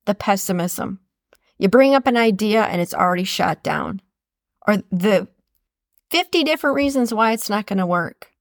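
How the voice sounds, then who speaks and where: A woman's voice: mid-range voice, expressive, moderate pace, no echo, studio quality. A woman hosting a motivational podcast, speaking earnestly and repeating phrases for emphasis. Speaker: podcast host. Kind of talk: motivational monologue.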